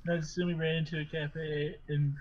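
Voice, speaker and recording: A man's voice: fairly high pitch, little pitch movement, moderate pace, dull audio, a crowd in the background. A man hosting a podcast, reading silly stories aloud to friends and often breaking into laughter as he stumbles through them. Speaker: podcast host.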